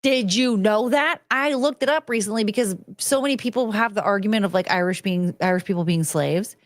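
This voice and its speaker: A woman's voice: mid-range voice, fairly quick, dry recording. Rambling woman podcast host, dry sound. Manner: rambling, thinks out loud with rhetorical questions. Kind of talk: casual podcast chat.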